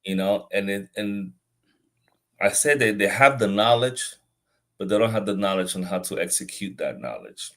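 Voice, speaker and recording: A man speaking as a business consultant and guest in a casual interview, relaxed and halting, often repeating words as he thinks. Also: on the low side, creaky.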